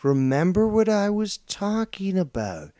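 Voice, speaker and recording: A man's voice: high-pitched, very animated, a little slow, warm tone. A man from Canada hosting a heated panel argument, smug and profane as he lectures the others. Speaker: show host.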